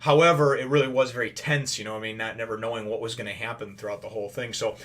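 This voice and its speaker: A man's voice: on the low side, fairly even intonation, very fast, a bit bright. Rambling man chatting through a review. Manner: rambling, conversational, full of "you know" and "right?"; addresses viewers as brothers and sisters. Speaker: anime episode reviewer, channel host. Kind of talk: casual spoken review.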